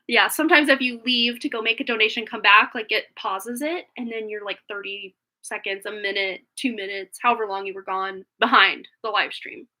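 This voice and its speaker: A woman's voice: mid-range voice, fairly even intonation, moderate pace, pushed and bright. A woman reading tarot on a live stream, chatting casually in a rambling way with frequent laughs, a little phlegmy after being sick.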